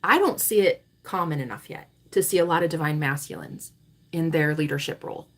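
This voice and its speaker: A woman in her thirties, a spiritual coach, talking to her vlog viewers in a dramatic, swearing monologue that swings between loud declarations and hushed asides. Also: low voice, animated, a little fast. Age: 30s.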